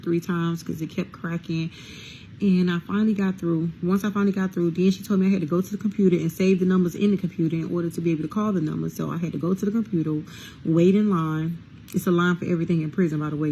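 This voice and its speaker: Gravelly-voiced woman telling a candid story. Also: lowish voice, mellow, slight background noise, rough recording. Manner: candid, addresses listeners as y'all, swears freely. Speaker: storyteller recounting prison time. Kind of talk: casual storytime monologue.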